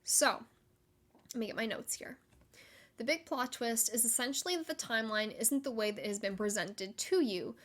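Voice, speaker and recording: Young woman doing a solo game podcast, chatty and excitable, lots of likes and giggles. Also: a little high, moderate pace. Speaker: podcast host.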